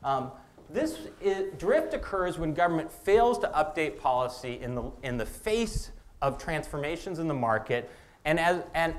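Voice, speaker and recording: A man giving a lecture as an author, halting, with many restarts and fillers. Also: a little high. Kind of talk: public lecture on policy.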